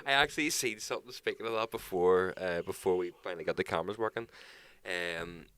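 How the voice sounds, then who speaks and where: A man's voice: low-pitched, a little fast, fairly bright tone, clean tone, no room sound. A young man co-hosting a casual talk show, telling jokey stories. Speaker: podcast co-host. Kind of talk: casual banter.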